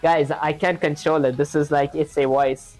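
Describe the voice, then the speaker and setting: A woman with a non-standard English accent streams herself learning to code, chattily thinking aloud through each step and answering viewers' comments. Her voice is low, steady, and slightly mellow at a normal pace. Faint music plays behind her on a low-quality recording.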